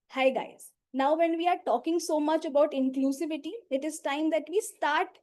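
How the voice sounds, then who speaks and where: Female grammarian, high voice, steady and instructive, video call mic. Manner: measured, instructive, pauses between items. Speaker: grammarian at a speaking club meeting. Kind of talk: meeting report speech.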